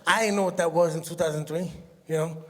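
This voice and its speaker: A stand-up comedian, telling animated stories and laughing at his own jokes. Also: a little high, fast talker. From Brooklyn, New York. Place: comedy stage in a hall. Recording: long hall reverb from a live venue.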